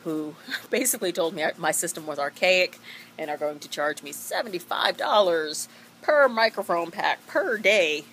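A woman who teaches high school theatre, talking in a chatty, rambling video diary and laughing often. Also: fairly bright tone, slight background noise.

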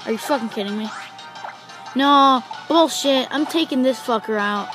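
A young woman giving let's-play commentary, excitable, gasping, swearing and shouting at the game. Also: high-pitched, normal speed, over music, rough recording. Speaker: gaming YouTuber.

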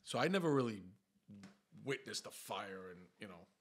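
A man's voice: on the low side, moderate pace. A man hosting a podcast, telling casual stories and swearing freely as he chats with guests. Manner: swears freely, animated anecdotes. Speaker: podcast host. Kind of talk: casual storytelling chat.

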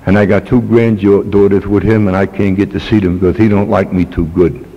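A man's voice: fairly low pitch, level tone, fairly quick, warm tone. A plain-spoken older man addresses a meeting, earnest and folksy, his words carrying a long reverb through a hall. The sound is dull and muffled, like an old tape converted to digital. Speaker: recovery meeting speaker. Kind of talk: personal talk to a meeting.

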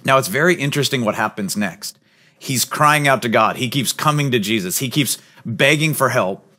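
A man preaching a sermon as pastor, earnest and emphatic, sometimes dropping to a soft, low voice. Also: normal speed. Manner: drops to a soft, low voice on key points.

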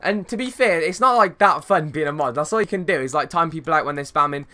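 A young man streaming a football game, chatting casually with viewers and reacting to plays with bursts of excitement. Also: fairly high pitch, quick pace. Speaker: gaming streamer. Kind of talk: casual live-stream chat while playing.

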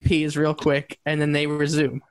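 A man's voice: fairly high pitch, completely flat delivery, unhurried. A young man co-hosting a podcast, chatting casually and joking with lots of laughter. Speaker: podcast co-host. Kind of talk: casual chat.

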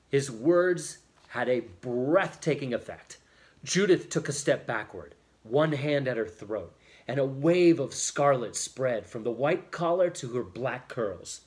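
A man reading a novel chapter aloud in a steady, expressive storytelling manner. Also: medium pitch, slow. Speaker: audiobook reader.

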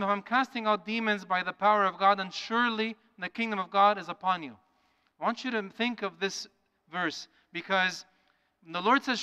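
A man's voice: high-pitched, sharp tone, clear, resonant tone, dull audio. A man preaching a sermon in an earnest way, repeating key phrases for emphasis. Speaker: priest. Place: church. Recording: long church reverb.

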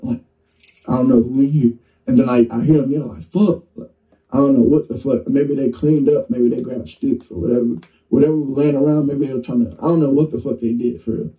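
A man's voice: mid-range voice, recorded from a distance, poor audio. A man casually telling a story in slangy speech, acting out what people said. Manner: relaxed, slangy, acts out dialogue. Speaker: interview guest telling his story.

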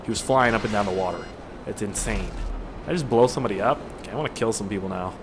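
A man's voice: lowish voice, fast, background noise. Rambling, profane young man gaming. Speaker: gaming channel host. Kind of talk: casual gameplay commentary.

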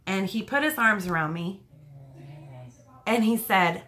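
A young woman telling a personal story in a casual, halting, emotional way, full of fillers and restarts. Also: mid-range voice, expressive, fairly bright tone.

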